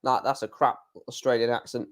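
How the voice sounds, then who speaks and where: A man's voice: mid-range voice, flat delivery, brisk. A man, casually chatting on a live darts stream, reading out viewer comments in a blunt, frequently swearing way.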